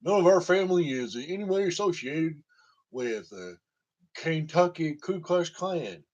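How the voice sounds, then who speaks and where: Laughing at his own jokes, a Tennessee storytelling vlogger rambles through comic tales in a fairly high, animated voice that moves a little slowly. The lo-fi recording sounds dull.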